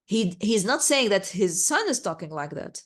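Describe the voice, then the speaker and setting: A woman leading a study class, mid-pitched, talking patiently, restarting phrases. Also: big pitch swings, moderate pace. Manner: patient and explanatory, with frequent restarts. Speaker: Quran study teacher. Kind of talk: teaching a reflection class.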